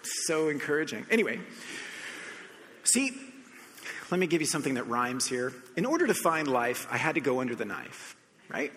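A man from the United States preaching a sermon, telling a personal story with animated shifts between soft reflection and excited emphasis. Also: medium pitch, normal speed. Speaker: pastor. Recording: long hall reverb.

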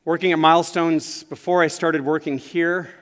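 A man's voice: fairly high pitch, fairly even intonation, normal speed, fairly bright tone. A male pastor preaching in a church, telling stories in an earnest, conversational way. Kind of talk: sermon. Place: church sanctuary. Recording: long reverb of a large church hall.

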